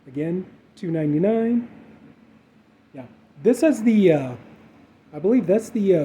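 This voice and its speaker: A man casually chatting through his horror movie haul, rambling with lots of fillers. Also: on the high side. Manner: rambling, filler-heavy, relaxed. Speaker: horror collector showing a haul. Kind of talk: casual unboxing chat. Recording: dull lo-fi audio with faint background noise.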